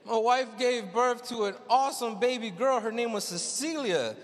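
A man performing animated stand-up storytelling on stage, acting out the people in his story. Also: extremely high pitch, normal speed. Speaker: stand-up comedian. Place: stage in a hall. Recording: live venue with long reverb.

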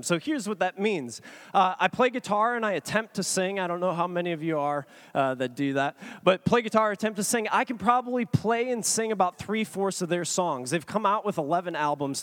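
Man in his thirties, high voice, eager storyteller who acts out messages for a crowd. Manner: excitable, animated, acts out chat messages. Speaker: speaker addressing an audience. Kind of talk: comic personal storytelling.

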